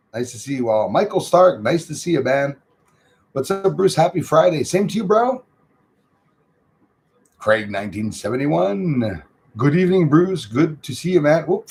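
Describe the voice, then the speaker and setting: A man's voice: on the high side, a little mellow. A man hosting a casual live stream, greeting viewers by name and chatting loosely about what they write. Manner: greets viewers by name and reads their comments aloud. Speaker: livestream host.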